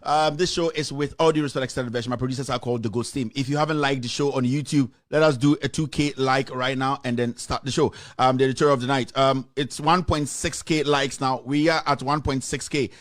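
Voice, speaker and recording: A man's voice: mid-range voice, steady tone, brisk, few pauses. A man from Ghana with a Ghanaian accent, hosting a political commentary show with impassioned, indignant ranting and switching between English and Twi. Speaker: show host.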